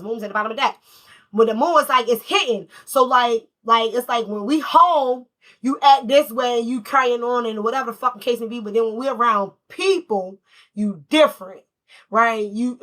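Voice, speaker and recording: A woman doing a casual tarot reading while fighting a cold, blunt and profane, telling stories in a lively, streetwise way. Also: a little high. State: has a cold. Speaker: tarot reader.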